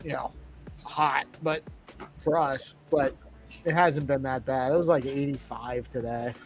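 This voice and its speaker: A man's voice: medium pitch, steady tone, a little slow. A man from southern New England, a guest on a chat show, talking in a rambling, laid-back way. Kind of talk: casual chat.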